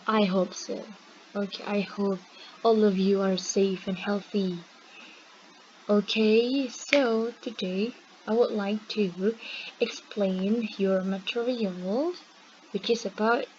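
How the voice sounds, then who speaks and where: A young woman teaching grammar at an unhurried, careful pace, often stopping to check that everyone follows. Her voice sits in a middle range, recorded on dull, lo-fi audio with a faint hiss underneath. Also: mid-range voice, a little mellow. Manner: patient, checks in with "okay?" and "right?". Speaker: English teacher. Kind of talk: online grammar lesson.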